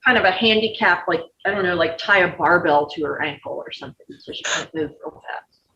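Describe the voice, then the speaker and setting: A woman's voice: on the low side, fairly quick, sharp tone, muffled recording, a little hiss or hum. A woman musician guest chatting casually, wry and drawling. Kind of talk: casual chat. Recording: roomy echo.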